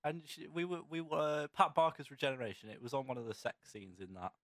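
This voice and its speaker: A man's voice: on the high side, steady tone, a little fast, fairly bright tone, no room sound. A young man co-hosting a comedy podcast, telling rambling stories with many restarts and frequent laughter. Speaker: podcast co-host. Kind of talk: casual comedic chat.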